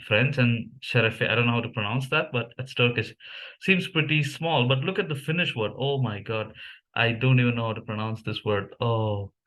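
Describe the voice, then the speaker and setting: His voice is mid-range and a bit bright. The young Malayalam-speaking vlogger from India comments loosely on memes in Indian English, restarting often and filling pauses.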